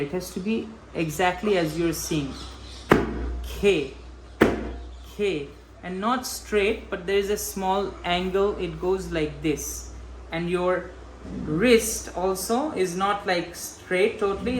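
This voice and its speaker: Male mridanga teacher, slow and patient, calls out drum syllables; echoey room, audible background noise. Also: high voice. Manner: patient, demonstrative, chanting drum syllables aloud. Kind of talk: slow step-by-step music lesson.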